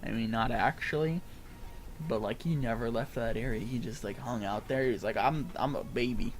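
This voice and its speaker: A man's voice: mid-range voice, a little fast. A man streaming a game, giving rambling, self-mocking commentary with a strained, tired voice. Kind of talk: casual gameplay commentary.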